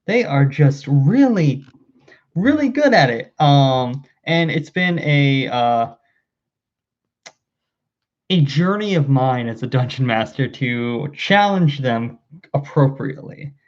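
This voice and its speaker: A man's voice: medium pitch, expressive, slow. A man, a dungeon master, casually recapping his campaign in a rambling, self-deprecating, amused way. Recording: slightly dull lo-fi audio.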